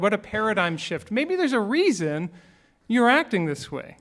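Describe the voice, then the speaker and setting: Male minister, fairly high voice, relaxed conversational sermon with humor. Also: normal speed. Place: church sanctuary.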